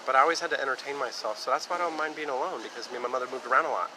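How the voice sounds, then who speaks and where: A man's voice: mid-range voice, rapid-fire, noisy background. A man from the United States talking on a live stream in a rambling, casual monologue that jumps between topics and swears freely.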